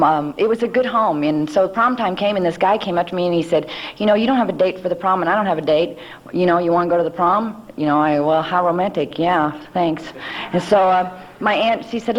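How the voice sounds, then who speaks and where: A woman from the States speaks at a recovery meeting in a fairly low voice. She tells her life story in a chatty, rambling way, full of asides and light laughs. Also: low-quality recording. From United States. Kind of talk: personal recovery talk. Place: live meeting hall.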